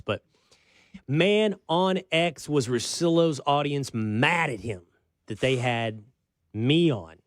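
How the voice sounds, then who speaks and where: A man's voice: mid-range voice, dry recording. A man hosting a talk show, chatting in a casual, rambling, wry way. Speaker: show host.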